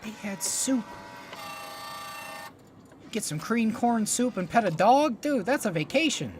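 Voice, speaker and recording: A woman's voice: fairly high pitch, sing-song, takes it slowly, darkish tone, a little hiss or hum. A woman streamer reacting casually to a video, gushing and cooing at dogs in baby talk. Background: music.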